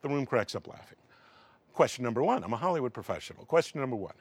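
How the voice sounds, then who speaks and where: Fast-talking and husky, a middle-aged man with a mid-range voice tells a wry story, recorded with no echo. He's a film professional being interviewed, and he animatedly plays out each exchange.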